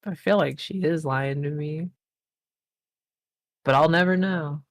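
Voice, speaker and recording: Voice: mid-range voice, measured pace, dry recording, clean studio sound. A tabletop game player speaking casually and laughing often. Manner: laid-back, laughing.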